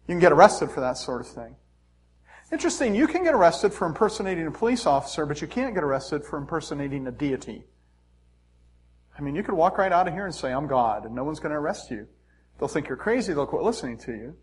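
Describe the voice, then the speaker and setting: A man's voice: on the high side, very animated, fast, husky. A man preaching a sermon as pastor, talking in a joking, conversational way.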